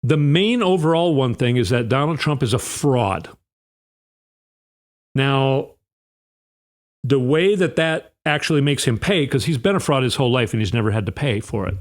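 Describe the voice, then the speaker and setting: A man's voice: mid-range voice, animated, moderate pace, long pauses. A man hosting a podcast, delivering a rambling, sarcastic political monologue with an indignant edge. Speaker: podcast host.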